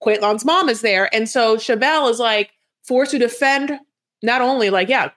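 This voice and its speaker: A woman's voice: on the high side, moderate pace, fairly bright tone. A woman co-hosting a podcast, recapping a reality show in loose, rambling casual chat. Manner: loose, rambling, many restarts and fillers. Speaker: podcast co-host.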